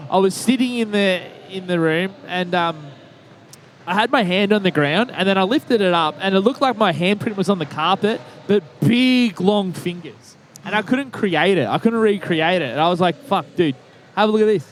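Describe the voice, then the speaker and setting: A high-voiced man tells loose, rambling stories on a casual podcast. He swears freely and laughs at his own tales. A faint hiss of noise sits under the voice. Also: lively intonation, moderate pace. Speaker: podcast co-host. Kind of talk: casual storytelling chat.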